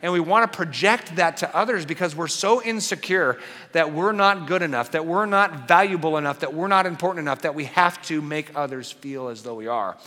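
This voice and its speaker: Man, pastor, conversational sermon, playful asides, slightly high voice, long church reverb. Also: brisk, pushed and bright.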